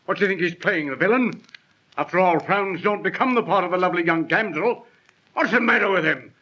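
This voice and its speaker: A blustering, short-tempered theater boss who scolds his players, voice pitched high and bright. The sound is muffled, a lo-fi 1930s transcription disc. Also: brisk. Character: gruff, impatient middle-aged male theater manager. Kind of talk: 1930s radio drama acting.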